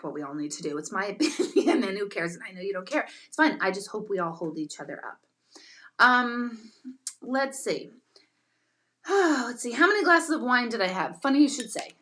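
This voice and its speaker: A woman's voice: medium pitch, pushed and bright. A middle-aged woman ranting casually on a live stream. She talks emphatically and mocks herself, with frequent laughter. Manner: emphatic, self-mocking, laughs often. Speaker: intuitive and meditation teacher hosting a live stream.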